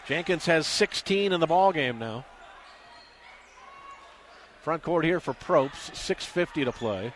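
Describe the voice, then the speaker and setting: A man doing fast radio play-by-play for a high school basketball game, getting loud and excited on big shots. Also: a faint crowd, slight background noise. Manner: rapid, excitable, rises loudly on big shots.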